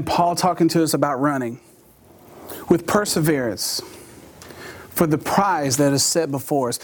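A man preaching a sermon, telling a funny personal story and laughing at his own jokes. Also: fairly high pitch.

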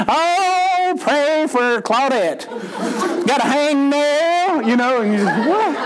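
A middle-aged man with a drawl preaches to young people in a lively, joking way. He acts out little voices for the people in his stories and laughs along with them. His speaking voice sits fairly high for a man. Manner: animated storyteller, acts out voices, laughs often. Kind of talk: comedic sermon to a youth group.

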